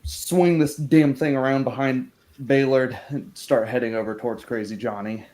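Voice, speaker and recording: A man's voice: mid-range voice, fairly even intonation, moderate pace, a little mellow. A man playing a tabletop sci-fi game, describing his character's actions casually and swearing now and then. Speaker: player.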